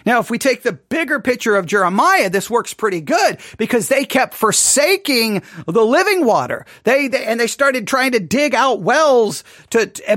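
A man's voice: very high voice, a bit bright, dry recording, clean studio sound. A man hosting a Bible study, musing aloud and putting questions to listeners. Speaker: study host. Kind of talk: conversational Bible study commentary.

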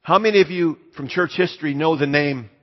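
Preacher telling stories in an echoey hall. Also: male voice, on the high side, a little fast. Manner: conversational, asks the congregation to raise hands. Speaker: pastor. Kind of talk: storytelling sermon. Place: church hall. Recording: echoey hall, slightly dull sound.

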